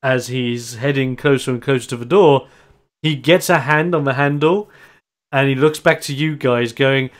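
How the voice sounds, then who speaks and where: A man's voice: mid-range voice, moderate pace. A man running a tabletop role-playing game as game master, narrating the action casually and laughing often.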